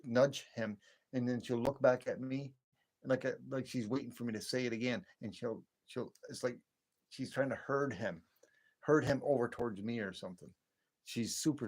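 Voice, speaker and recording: A man hosting a late-night livestream, chatting in a rambling, friendly way, chuckling often and answering viewer comments. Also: on the low side. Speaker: livestream host.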